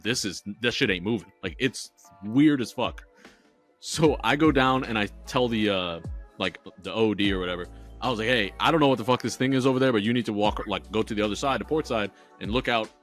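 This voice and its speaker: A man's voice: on the low side, fairly bright tone. A young man co-hosting a podcast in loose, casual chat. He swears freely and laughs his way through stories, with faint music under his voice. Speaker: podcast co-host.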